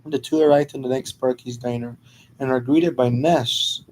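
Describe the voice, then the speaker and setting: A man narrates a homemade fan story at a brisk, casual clip, stumbling and restarting now and then. His voice sits at an average middle pitch. A faint noise runs behind him. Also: fairly even intonation, poor audio. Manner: quick, casual, unpolished reading with stumbles.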